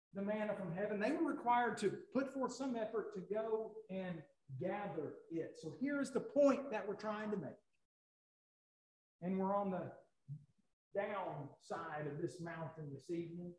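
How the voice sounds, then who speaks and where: A pastor in his forties with a high voice preaches in a folksy, storytelling way. He repeats his main points and drives his lists up to loud emphasis. The sound rings in an echoey church hall. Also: normal speed. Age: 40s. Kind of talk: sermon.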